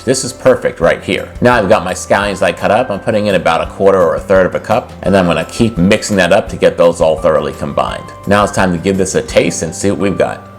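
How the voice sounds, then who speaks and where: A man hosting a cooking video, casually explaining a recipe step by step and then tasting it. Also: low voice. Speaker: cooking channel host.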